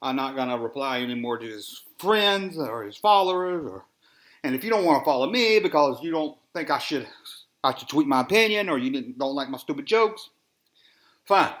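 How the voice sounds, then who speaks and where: With a medium pitch, lively intonation and a slightly bright sound, a Southern-accented man from the US talks at normal speed on his solo podcast about toy collecting. He rambles and rants, often sighs, and his mouth is dry.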